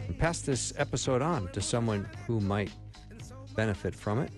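A man's voice: fairly low pitch, animated, normal speed, music in the background. A man hosting a faith-based recovery radio talk show from a studio, folksy and affirming, with short agreements. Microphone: studio microphone.

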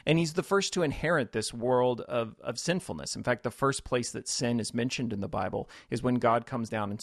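Reflective pastor, dry studio sound. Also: male voice, mid-range voice, gravelly, dry recording. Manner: reflective, explains scripture with quoted voices. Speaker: pastor and author. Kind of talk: radio interview guest.

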